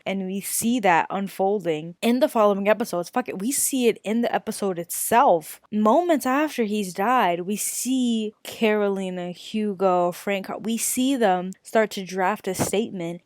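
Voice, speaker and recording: A young woman vlogging a casual TV show review, animated and quick to swear and laugh through her lines. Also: mid-range voice, no room sound, clean studio sound. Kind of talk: casual chat.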